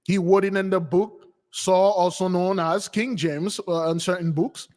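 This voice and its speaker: A man teaching a spiritual lesson as an animated storytelling sermon. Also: high-pitched, measured pace. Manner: animated storytelling, acts out voices. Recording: long hall reverb.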